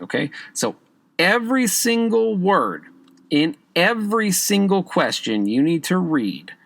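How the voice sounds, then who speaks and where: A man's voice: medium pitch, no room sound. A man hosting a podcast who gives casual exam-prep advice, often checking in with "okay?" and leaning hard on key words. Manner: conversational, repeats "okay?" to check in with listeners; stresses key words with emphatic rises. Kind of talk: casual instructional podcast talk.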